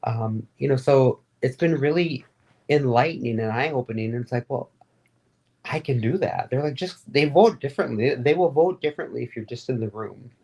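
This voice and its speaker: A woman being interviewed, telling stories in a rambling, animated and candid way, with frequent fillers. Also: a bass voice, brisk, husky. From Florida. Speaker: guest, advocate and radio host. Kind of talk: casual interview storytelling.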